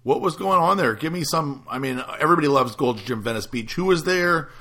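A man's voice: fairly high pitch, lively intonation, pushed and bright. A male host firing off a string of eager interview questions. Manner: eager, rapid-fire questioning.

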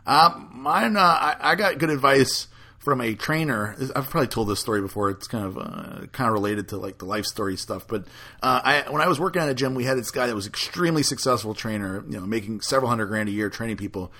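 A man's voice: medium pitch, quick pace, bright, forceful tone. A man in a casual podcast chat, telling an anecdote in an easygoing way with many fillers.

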